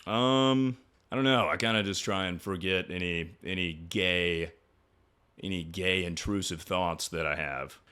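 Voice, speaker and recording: A man's voice: low-pitched, measured pace, pushed and bright, clear, resonant tone. A young man streaming, answering chat questions in crude, joking banter with frequent laughs and trailing restarts. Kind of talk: casual livestream chat.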